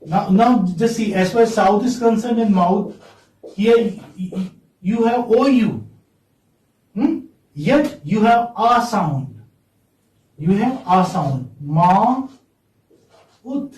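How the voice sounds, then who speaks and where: Slow, high-voiced male teacher. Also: expressive, darkish tone. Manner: slow, drawn-out, coaxing students with repeated questions. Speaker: English teacher. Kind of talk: classroom phonetics lesson. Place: classroom. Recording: echoey classroom from far off.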